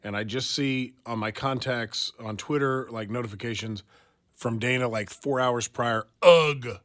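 A man's voice: medium pitch, steady tone, moderate pace, a bit bright. A man hosting a radio talk show, chatting casually and reading news aloud with wry asides.

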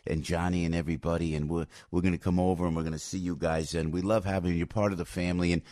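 A man's voice: sits low, little pitch movement, rapid-fire, dark tone, no echo, clean studio sound. A man hosting a radio show, chatting casually and laughing often. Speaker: radio host. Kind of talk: casual chat.

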